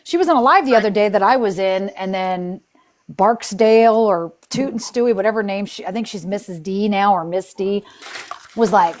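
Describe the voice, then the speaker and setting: A woman's voice: mid-range voice, moderate pace. A woman hosting a live stream, chatting casually and retelling arguments with quoted back-and-forth, rambling and exasperated. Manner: chatty storyteller who acts out quoted exchanges; exasperated, rambling and full of restarts.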